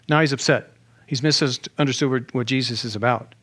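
A male pastor delivers a sermon in a lively way, firing off rhetorical questions and dropping in humorous asides. His voice sits at an ordinary middle pitch for a man. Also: a little fast, husky.

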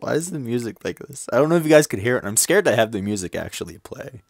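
A man's voice: mid-range voice, sing-song, gravelly, dry recording, clean studio sound. A man casually playing through a visual novel, reading its lines aloud and chatting between them. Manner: chatty, quick asides, reads dialogue aloud. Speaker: let's play gamer.

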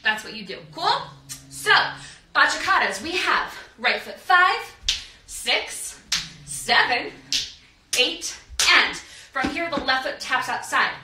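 A woman's voice: sits high, big pitch swings, slow, bright, forceful tone, a little hiss or hum. A young American woman teaching a dance class, counting beats aloud and singing out the steps. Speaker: dance instructor. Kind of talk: live online dance class. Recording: roomy studio, mic at a distance.

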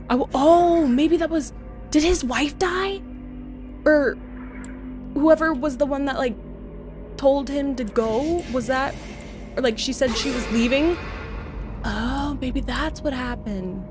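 A young woman streaming a horror game, jumpy and talking to the game as she plays, often exclaiming and swearing at it. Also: high-pitched. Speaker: gaming streamer. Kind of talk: horror game let's play commentary. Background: game music.

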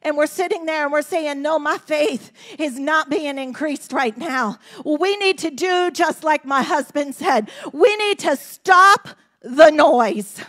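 A woman pastor preaching a sermon in a church, moving from hushed, intimate lines to shouted, passionate exclamations. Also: sits high, a little slow, few pauses. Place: church sanctuary.

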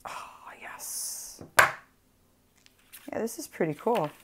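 A woman's voice: medium pitch, animated, whispered. A woman hosting a casual craft livestream, playful and giggly as she chats while stamping. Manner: playful, giggly, drawn-out delivery.

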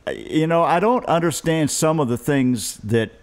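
A man's voice: fairly high pitch, normal speed. Rambling middle-aged storyteller man. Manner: rambling, self-deprecating storyteller. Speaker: guest musician. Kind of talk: casual storytelling chat.

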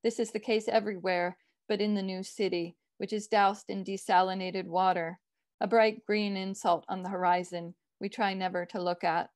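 Woman reading her own short story aloud, measured, dry close mic. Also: medium pitch, level tone, no room sound. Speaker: author.

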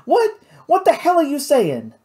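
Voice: mid-range voice, expressive, normal speed, voice pushed up, natural voice. A reader doing a hot-headed young pilot. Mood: furious. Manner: angry, pleading, hot-tempered.

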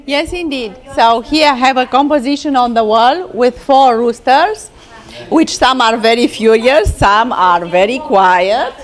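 Lady painter, fairly high voice, halting, hunting for words, little laughs. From Romania. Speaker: artist presenting her paintings. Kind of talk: casual interview. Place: art gallery opening.

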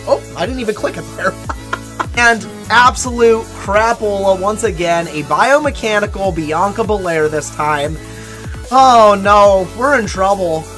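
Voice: mid-range voice, measured pace, fairly bright tone, soft background music. A mobile game YouTuber opening card packs, counting down before each one and playfully overdramatic about bad luck. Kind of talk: casual game pack-opening commentary.

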